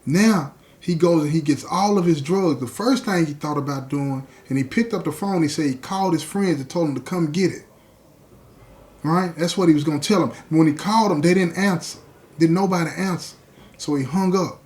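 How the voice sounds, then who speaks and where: Male podcast host, a touch high in pitch, tells a story with animated, chatty delivery. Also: moderate pace. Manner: animated, conversational retelling, addresses listeners directly.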